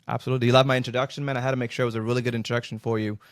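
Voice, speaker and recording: A man's voice: medium pitch, flat delivery, racing, dry recording, studio quality. A man hosting a podcast interview over a video call, enthusiastic and informal. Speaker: podcast host.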